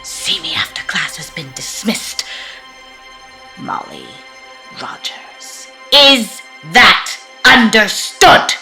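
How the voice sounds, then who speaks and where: A woman voicing a menacing, unpredictable substitute teacher in an audio horror story. She speaks in hushed, threatening whispers that suddenly flare into shouts. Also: mid-range voice, very animated, slow pace, creaky, soft background music, exaggerated voice. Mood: furious. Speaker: voice actor.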